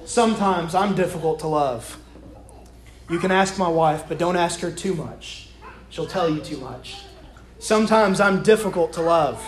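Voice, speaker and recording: A man preaching a sermon to his church, his phrases trailing off low and soft at the ends. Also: normal speed. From Kentucky. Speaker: pastor. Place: church sanctuary. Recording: echoey church room.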